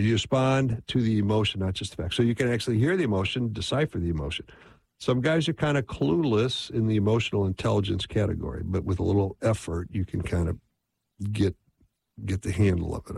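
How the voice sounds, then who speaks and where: A man's voice: lowish voice, lively intonation, brisk, creaky, a little mellow, husky. A man teaching relationship advice in a casual, conversational way, often checking in with his listeners. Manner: conversational, constant "right?" check-ins.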